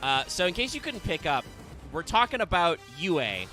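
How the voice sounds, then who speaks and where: A man's voice: a little high, very animated, moderate pace, sharp tone. A man hosting a casual gaming podcast, chatty and teasing his co-hosts with mock insults. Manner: joking, mock-insulting banter. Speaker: podcast host. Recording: music playing behind.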